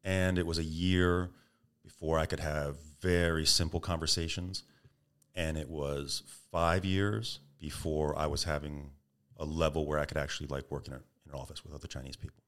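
A middle-aged man appears as a guest on a podcast, speaking at normal speed in an extremely low voice. In this storytelling interview he tells his tales animatedly, acting out the tones and quotes of the people involved.

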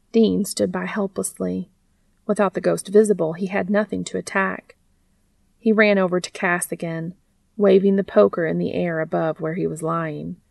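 Woman reading fanfic out loud, kinda low and gravelly, dry close sound. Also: no room sound. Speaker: narrator. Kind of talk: reading fan fiction aloud.

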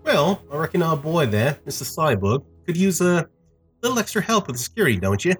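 A man's voice: a little high, big pitch swings, a little fast, breathy edge, soft background music, voice pushed up, exaggerated voice. A scheming con man, played by a man at the game table, talks in a folksy, coaxing way. His voice lifts a little above the player's own. He sounds sly and sure of himself. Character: scheming male con artist, sly and smooth.

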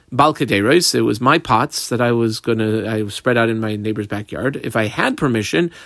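Animated man teaching Talmud, dry sound. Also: medium pitch, no echo. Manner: reads Aramaic text and translates, with frequent fillers; describes his own page markings while teaching. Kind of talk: daf yomi Talmud class.

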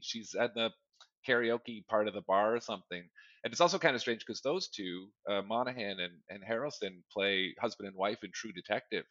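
A man from Canada co-hosting a podcast, chatting casually and relaxed about a film. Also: fairly low pitch, fairly quick, no echo, lo-fi sound. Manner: relaxed, chatty, laughs along. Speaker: podcast co-host. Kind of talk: casual movie review chat.

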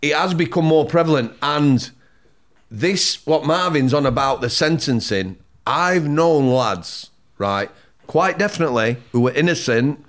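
A former prison officer talking in a measured way and repeating words as he searches for them. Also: a little high, lively intonation. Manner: measured, repeats himself while finding words. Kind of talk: conversational discussion.

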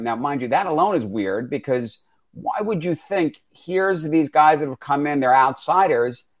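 A man co-hosting a casual film review chat, rambling and repeating words as he starts his points. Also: fairly high pitch. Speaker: podcast co-host.

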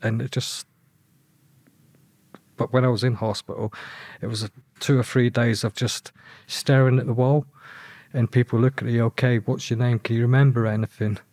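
A man from England recounting a traumatic past slowly and hesitantly, with many restarts. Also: medium pitch, steady tone, a little mellow, no echo. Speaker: guest who was kidnapped. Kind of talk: reflective personal account.

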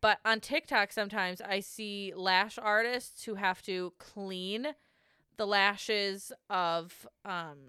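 Bright, crisp-voiced young woman podcaster. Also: medium pitch, fairly even intonation, slow pace, no echo, studio quality. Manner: chatty, laughs often, swears casually. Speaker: podcast co-host. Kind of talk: casual recap chat.

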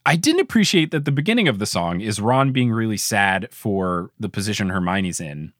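A man in his late twenties hosting a casual podcast, joking and animated. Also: normal speed, no room sound, studio quality. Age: 20s. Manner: animated, jokey, swings pitch up and down. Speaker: podcast host.

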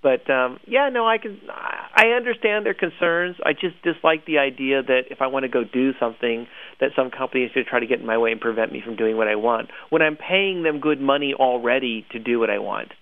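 A gravelly-voiced man co-hosts a casual news talk, animated and opinionated. His voice comes through thin and tinny, like a phone line. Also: mid-range voice, fast talker. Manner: animated, opinionated, laughs often. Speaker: podcast co-host.

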